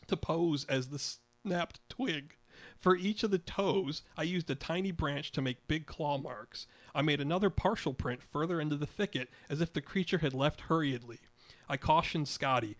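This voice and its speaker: A man's voice: a little high, normal speed, a bit bright. Older man chuckling through a memoir. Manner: chuckles through his own story, wry. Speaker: podcast storyteller. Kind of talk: reading a personal memoir story.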